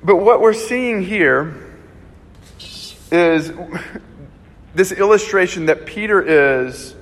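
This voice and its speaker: A man from a small town in Alabama preaches a casual, lively sermon, his voice sitting slightly high. He leans into storytelling, acting out the voices in the scenes he tells. The sound carries the long, ringing reverb of a big church hall. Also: slow pace. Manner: conversational and animated, acting out voices in Bible stories and anecdotes.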